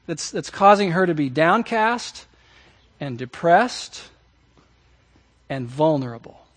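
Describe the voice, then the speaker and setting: A man's voice: fairly high pitch, big pitch swings, slow pace. A man preaching a sermon as pastor, speaking earnestly and directly to his congregation, repeating key phrases for emphasis. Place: church service.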